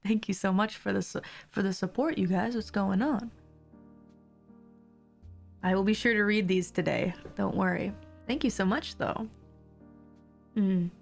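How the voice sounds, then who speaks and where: At her desk mic, a young female streamer chats on a casual livestream, drifting from topic to topic and laughing often. Her middling-pitched voice has a gravelly, fry-tinged edge, a mild sore throat roughening it slightly, while faint music plays underneath.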